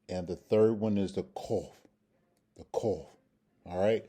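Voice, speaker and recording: A man with a deep, dark voice teaches a Hebrew grammar lesson at an unhurried pace. He repeats words and pronunciations and keeps checking in with his listeners with "okay" and "all right". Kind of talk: screen-share grammar lesson.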